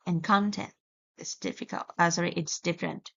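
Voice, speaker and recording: A woman with a mid-range voice teaches English pronunciation at an unhurried, careful pace. She often stops to correct herself. The recording sounds a little dull and lo-fi. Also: medium pitch, a bit bright. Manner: slow and deliberate, with self-corrections. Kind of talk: recorded lesson.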